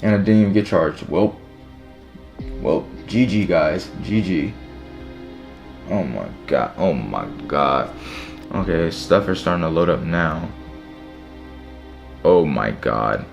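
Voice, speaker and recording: A young man with a low, deep voice talks straight to his audience, grumbling and swearing over an online checkout. He sounds annoyed and exasperated as he talks it through. Faint music plays quietly in the background. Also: expressive, slow pace, vocal fry, long pauses. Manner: frustrated, swearing, talking to viewers. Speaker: streetwear vlogger. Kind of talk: casual live commentary.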